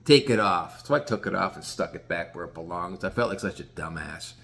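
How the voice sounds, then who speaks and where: A man's voice: low-pitched, brisk, vocal fry, pushed and bright. A man casually telling a rambling, profane story, often restarting his sentences.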